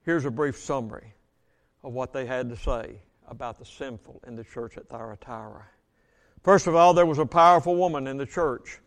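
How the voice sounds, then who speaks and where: A man preaching a sermon as a Baptist pastor, reading scripture aloud, slowing on key words and asking the congregation questions. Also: mid-range voice. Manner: reads scripture aloud, slows for emphasis, asks congregation questions.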